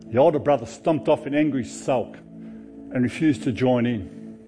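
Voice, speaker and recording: A man, a pastor, preaching a sermon and retelling a parable with animated storytelling. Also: mid-range voice, normal speed. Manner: animated storytelling, acting out characters' lines.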